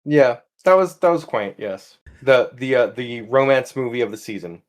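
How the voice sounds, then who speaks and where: A young man co-hosting a comedy podcast, telling an absurd story in halting, rambling bursts. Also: mid-range voice, animated. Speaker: podcast co-host. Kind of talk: casual comedic chat.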